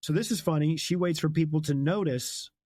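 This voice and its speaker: A young man hosting a podcast, retelling a book in casual chat, animated and laughing often as he slips into quick character voices. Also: fairly high pitch, dry recording, clean studio sound. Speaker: podcast host.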